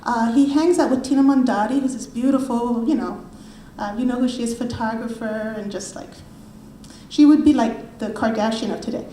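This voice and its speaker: A woman's voice: fairly high pitch, normal speed, roomy sound, a little hiss or hum, low-quality recording. A middle-aged woman presenting her book to an audience in a university library, telling stories and acting out the people she quotes. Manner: storytelling, animated, acts out quoted voices. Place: university library event room.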